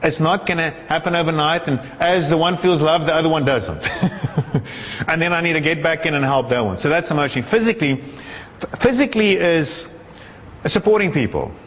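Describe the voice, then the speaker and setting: A fairly high-voiced man preaches a sermon, firing off rhetorical questions and rising to fervent emphasis. His voice rings out with a long reverb, the sound of a large church hall. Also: a little fast, fairly bright tone.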